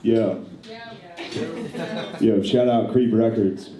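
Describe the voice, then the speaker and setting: A man's voice: on the low side, steady tone, slow. A man in his thirties doing a stand-up set, telling casual, profane stories and mimicking other people's voices. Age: 30s. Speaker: stand-up comedian. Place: comedy stage before a live audience. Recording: roomy live club recording with crowd laughter.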